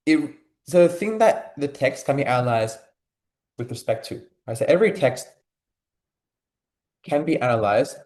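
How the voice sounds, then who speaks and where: A man's voice: a little high, a little mellow, roomy sound. A young man tutoring a class in a casual, filler-heavy way, asking his students questions. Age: young adult. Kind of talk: live online class teaching.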